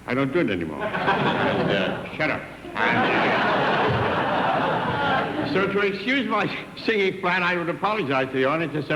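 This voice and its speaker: An older comedian doing a vaudeville stand-up monologue, wisecracking through one side of a phone call. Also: male voice, fairly high pitch, big pitch swings, moderate pace, background noise. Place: theater stage with live audience. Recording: echoey 1960s TV theater stage.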